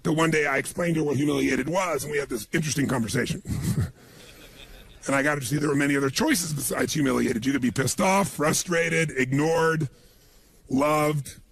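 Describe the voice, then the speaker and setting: Gravelly, husky man telling a story. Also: fairly high pitch, moderate pace. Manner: animated, acts out quoted people. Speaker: motivational speaker. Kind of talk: seminar storytelling to an audience.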